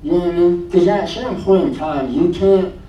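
A man's voice: brisk, mellow, highs cut off. A man in his late twenties casually telling a personal faith testimony, retelling conversations in a chatty way with lots of "I'm like". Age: late 20s. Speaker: speaker sharing a testimony. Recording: echoey room, distant mic, faint low rumble.

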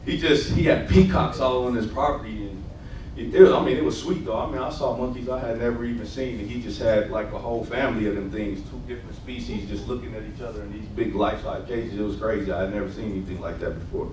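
A man's voice: on the low side, steady tone, fast, roomy sound, far from the mic, noisy background. A man preaching a sermon and telling his testimony, with conversational asides, often checking in with "right?". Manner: call-and-response asides, repeats "right?". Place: church sanctuary.

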